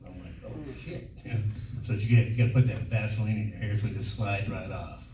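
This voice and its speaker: Speaking brisk and steady in a lowish voice, this sixty-something man is a convention panel guest spinning rambling, profane stories, laughing frequently as he goes. It's casual stage storytelling, captured in an echoey hall on a distant mic with a faint hiss.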